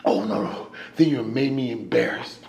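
A man telling a personal testimony to a live audience as an animated storyteller. His delivery swings from loud excitement to hushed near-whispers. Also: mid-range voice, normal speed, creaky, slight background noise. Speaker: speaker sharing his recovery story. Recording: echoey room.

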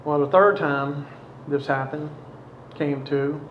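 A man's voice: a little high, echoey room, dull audio, a little hiss or hum. Reflective man. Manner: halting, reflective, many pauses. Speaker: storyteller recounting past addiction. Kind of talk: personal testimony.

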